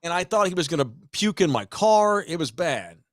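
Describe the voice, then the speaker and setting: A man's voice: a little high, normal speed, no echo, studio quality. A man, hosting a podcast and telling a story casually with lots of swearing. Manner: profane, animated storyteller. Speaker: podcast host.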